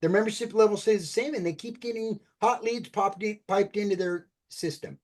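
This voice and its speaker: A man presenting an enthusiastic sales pitch on a team video call, upbeat and talking straight to his listeners. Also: fairly quick, a little mellow. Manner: upbeat, keeps addressing listeners as "you guys".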